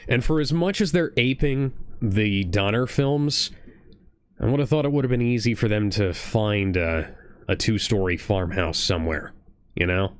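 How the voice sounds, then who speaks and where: A man's voice: on the low side, moderate pace, smooth, no echo. A man from Ohio co-hosting a casual reaction chat, rambling earnestly with many restarts. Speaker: podcast co-host. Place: home streaming setup.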